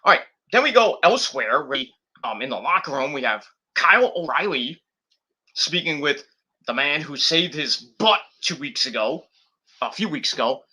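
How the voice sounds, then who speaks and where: A man's voice: fairly high pitch, very animated, moderate pace, pushed and bright, breathy edge. A man casually reviewing wrestling on a live stream, rambling and swearing, with lots of fillers and restarts.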